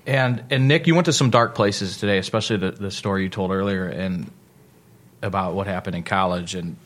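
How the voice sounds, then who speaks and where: A man hosting a podcast, speaking earnestly in halting, repeated starts and swearing. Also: low voice. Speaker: podcast host. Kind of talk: casual chat.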